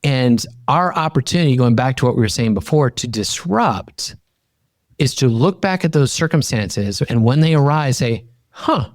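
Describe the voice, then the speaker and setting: A middle-aged man, a podcast guest and coach, telling personal stories in an emphatic, animated way that climbs high in pitch when he gets fired up. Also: moderate pace, dry recording, clean studio sound. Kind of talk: animated personal storytelling in conversation.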